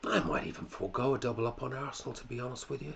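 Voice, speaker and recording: A man's voice: medium pitch, expressive, rapid-fire, gravelly, a bit bright, breathy edge. A male fantasy football podcast host in casual chat, running through listeners' teams, chatty, with muttered asides and casual swearing.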